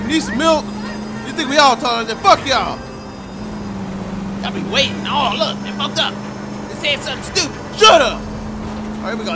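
High-voiced man trash-talking a game. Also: lively intonation, normal speed, pauses often. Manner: loud, joking, trash-talks the game characters. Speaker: gaming YouTuber. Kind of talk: profane gameplay commentary. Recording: game audio playing underneath. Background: game music and sound.

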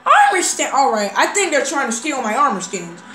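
A woman voicing every character in a game role-play story, hesitant and full of fillers, breaking into excited shouts. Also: fairly high pitch, a little fast. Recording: roomy recording over game music.

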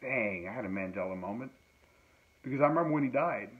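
A fast-talking man with a medium pitch and lively intonation, he's a musician and podcast host. He rambles through a casual chat full of fillers and laughter, recorded at home with dull lo-fi sound and faint noise.

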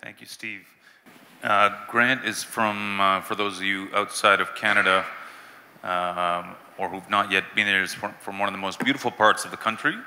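A man moderating a conference panel, introducing speakers in a relaxed way. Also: fairly low pitch, normal speed, a little hiss or hum. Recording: reverberant hall with faint ambience.

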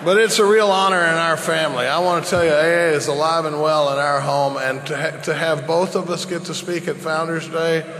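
A man's voice: a little high, steady tone, fairly quick, few pauses, fairly bright tone, some chatter behind, a little hiss or hum. Folksy man in a big hall. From Dallas, Texas. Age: 50s. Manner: folksy, rambling with restarts. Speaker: recovery meeting speaker. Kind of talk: recovery talk with jokes. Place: large convention hall.

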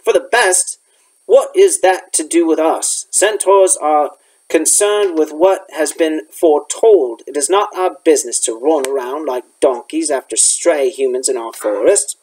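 A man's voice: on the high side, unhurried, low-quality recording. A fierce centaur thunders with scorn and pride, as a man reading a storybook puts him on. The voice climbs above the reader's own and scolds at volume. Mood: angry. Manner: loud, scolding. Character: fierce proud male centaur, scornful and angry.

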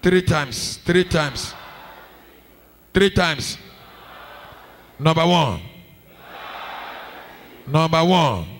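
A man with a Nigerian accent, a pastor leading a night deliverance prayer session in a church hall, shouting repeated commands. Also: fairly high pitch, expressive, extremely slow, long pauses, slight background noise.

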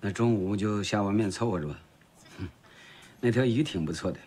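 An actor playing a calm man in a film scene who talks about cooking fish in a plain, matter-of-fact way. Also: lowish voice, a little fast, husky.

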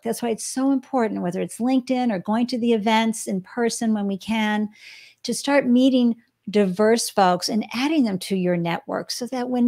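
Woman podcast host, chatty, talks to the audience, gravelly fry in her voice. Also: mid-range voice, darkish tone. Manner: chatty, addresses listeners directly. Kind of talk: casual interview. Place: Boston.

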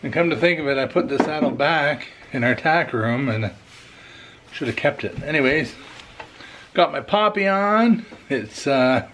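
A man's voice: fairly high pitch, animated, measured pace, fairly bright tone, a little hiss or hum. A man, chatting casually as a vlogger at a horse barn. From Canada. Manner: chatty, explains as he goes. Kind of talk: casual vlog talk.

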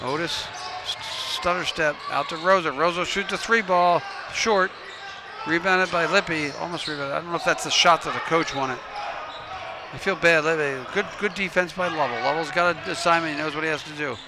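A man doing play-by-play commentary for a high school basketball game. He calls quick plays and adds coaching asides. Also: steady tone. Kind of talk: local sports commentary. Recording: noisy gym ambience. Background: game crowd and ball bounces.

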